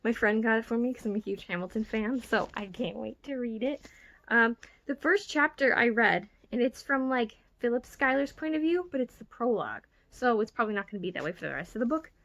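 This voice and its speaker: A young woman with a fairly high voice talks casually to the camera from her bedroom. She is chatty and self-mocking, with quick giggly asides. The sound comes from a phone recording at home. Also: lively intonation, fairly bright tone. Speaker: book vlogger. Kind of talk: casual vlog chat.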